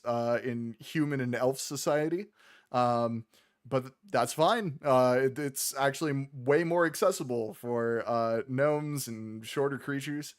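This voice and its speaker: A man narrating as game master of a tabletop game, relaxed, with many ums and uhs. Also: medium pitch.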